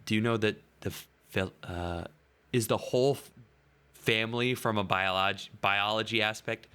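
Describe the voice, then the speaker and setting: Deadpan hesitant podcast co-host. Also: male voice, lowish voice, normal speed, smooth. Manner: deadpan, hesitant, dry jokes. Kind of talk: casual chat.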